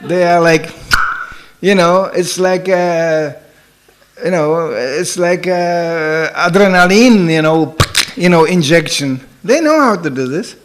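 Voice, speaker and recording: Speaking slowly in a slightly high voice, an older man delivers a spiritual talk woven from amusing anecdotes. He is a spiritual teacher with a chatty, humorous style, often saying "you know" and laughing at what he tells.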